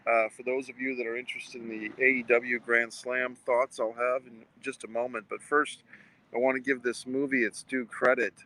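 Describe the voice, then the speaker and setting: A man's voice: mid-range voice, level tone, moderate pace, bright, forceful tone, low-quality recording. A man reviewing a movie in a casual, rambling livestream from outside a movie theater, swearing often and restarting his sentences. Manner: rambling and profane, with frequent restarts. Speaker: vlogger and film reviewer.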